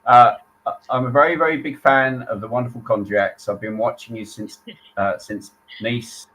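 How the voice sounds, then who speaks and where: A man's voice: medium pitch, fairly even intonation, normal speed, fairly bright tone, poor audio. A man from England, a guest musician chatting on a live stream in an easygoing, modest, chuckling way. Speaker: band member guest. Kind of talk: casual chat on a live stream.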